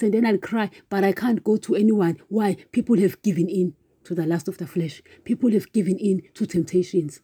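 A woman's voice: medium pitch, brisk, few pauses, dark tone, husky, no room sound. A woman giving an informal devotional talk for a podcast, preaching with passion, repeating herself and calling her listeners "guys". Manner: impassioned, repetitive, keeps calling listeners "guys".

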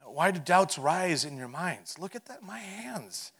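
A man voicing Jesus as a patient, reassuring figure who calms his frightened followers, in a gentle manner. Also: high-pitched, unhurried, gravelly, breathy edge, full character voice.

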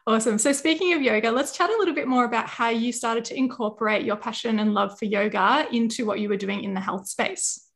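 A woman's voice: a little high, fast talker, creaky, few pauses. Encouraging woman podcast host. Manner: encouraging, short affirmations. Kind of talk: casual interview chat.

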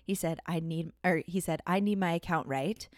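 A woman's voice: fairly low pitch, normal speed, no room sound, studio quality. Laughing woman retelling a story. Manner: animated, laughs often, acts out quoted texts. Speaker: podcast host. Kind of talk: casual storytelling chat.

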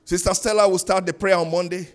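A high-voiced man delivers a church sermon with emphatic preaching. He rises into loud, sung-out phrases and drops to low, quiet asides. Faint music sits behind him. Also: fairly even intonation, fast talker. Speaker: pastor. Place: church in Canada.

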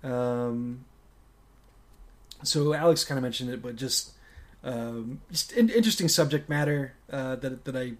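A man's voice: mid-range voice, unhurried. Man, podcast co-host, casual film chat, rambling, lots of ums and restarts. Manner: rambling with many fillers and restarts. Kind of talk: casual movie discussion.

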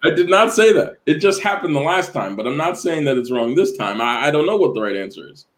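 Animated man hosting a quiz. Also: a little high. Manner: reads questions slowly, teasing and animated. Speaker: quiz host. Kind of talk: casual web quiz show banter.

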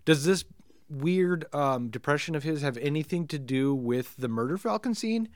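A man's voice: on the high side, lively intonation, moderate pace, no room sound. Wisecracking man co-host, dry sound. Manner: wisecracking, skeptical. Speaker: podcast co-host. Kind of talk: casual chat.

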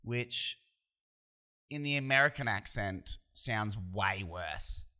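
An Australian man holds forth on his own podcast, swearing freely and circling back on himself as he talks. His voice is bright and forceful, with a tense edge. The talk is loose and opinionated, full of restarts. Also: lowish voice, animated, slow. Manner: profane, opinionated, rambling with restarts. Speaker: podcast host. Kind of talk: casual solo podcast rant.

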